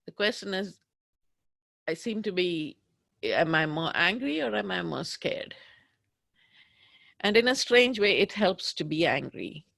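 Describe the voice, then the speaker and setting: A woman leading a guided tapping session, speaking slowly and emphatically as she voices raw anger and fear. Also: on the low side, animated, creaky, a bit bright, dry recording. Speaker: tapping practitioner.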